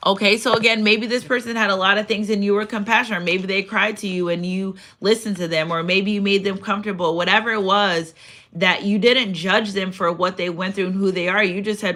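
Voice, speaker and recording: A woman's voice: mid-range voice, fairly even intonation, a little fast, sharp tone. A woman giving a casual spiritual card reading, chatty and repetitive. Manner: chatty, repeats phrases, reads out affirmations. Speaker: tarot card reader.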